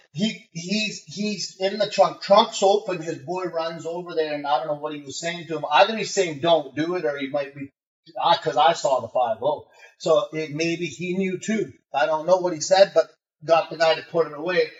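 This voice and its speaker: A man with a fairly high voice, speaking at normal speed, is a guest in a casual interview. He swears a lot and tells brash, animated stories, acting out the voices of people he met. The audio comes through a muffled remote call that sounds roomy and distant.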